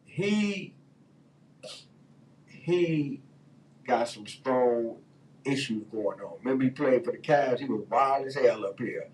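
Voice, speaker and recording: A man's voice: medium pitch, expressive, slow, long pauses, recorded from a distance, rough recording. Heated slangy man ranting on the radio. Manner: loose, heated, slangy rants with many fillers. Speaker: radio talk show host. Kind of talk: casual opinion talk.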